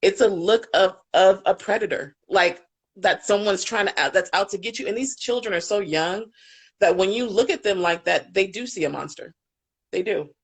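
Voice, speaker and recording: A woman's voice: medium pitch, moderate pace, breathy edge. A woman parent coach speaking candidly and with feeling in a live panel discussion, swearing freely as she talks.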